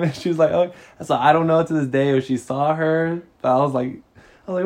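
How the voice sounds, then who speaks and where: A man's voice: mid-range voice, fast, a little mellow. A man in his twenties, a podcast co-host, telling a story in casual slang with lots of swearing and laughter.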